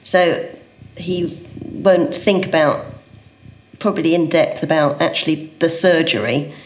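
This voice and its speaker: A mother talking in an interview, soft and halting. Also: low voice, slight background noise. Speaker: parent.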